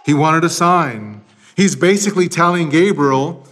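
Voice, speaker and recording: A man preaching an expository sermon, speaking emphatically, swinging between loud and quiet, and repeating key phrases. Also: on the high side, measured pace. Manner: emphatic preaching with lively shifts in loudness. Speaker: pastor.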